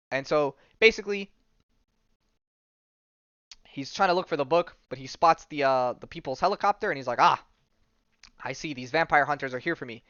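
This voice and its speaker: A man's voice: mid-range voice, a bit bright, clear, resonant tone, no echo, dull audio. A man hosting a podcast, casually retelling a comic story with loose jokes and lots of fillers. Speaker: podcast host. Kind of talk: casual comic-book recap.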